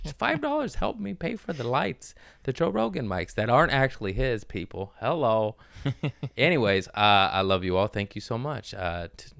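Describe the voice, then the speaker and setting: A man's voice: lowish voice, vocal fry, a bit bright, dry recording, studio quality. A man hosting a comedy podcast, chatting casually and joking around. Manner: joking, rambling, throws in silly voices. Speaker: podcast host.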